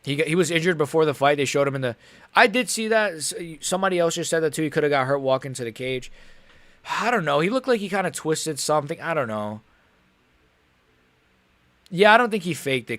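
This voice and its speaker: A man's voice: mid-range voice, a bit bright, dry recording. A young man hosting a live stream, reacting in casual, rambling talk, frustrated and swearing. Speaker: livestream host.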